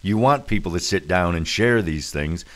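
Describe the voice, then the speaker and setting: Deep-voiced male radio host. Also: lively intonation, normal speed, fairly bright tone. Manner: chatty, pressing questions. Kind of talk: radio interview.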